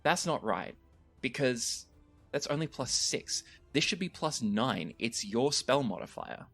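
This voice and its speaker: A man narrating a tabletop game as game master, with lively storytelling and frequent restarts. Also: mid-range voice, unhurried, gravelly, breathy edge, soft background music.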